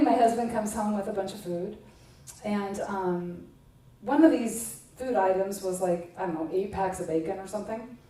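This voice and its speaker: A woman's voice: mid-range voice, warm tone. A middle-aged woman minister giving a casual, conversational sermon, chatty and self-mocking, acting out bits of everyday talk. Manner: chatty and self-mocking, with playful acted-out quotes. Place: church sanctuary. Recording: echoey hall, voice from a distance.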